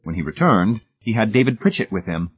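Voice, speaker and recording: This audiobook narrator, a man with a lowish voice and wide swings in pitch, reads a suspenseful story in measured, scripted fashion. The recording sounds thin and tinny, as if over a phone.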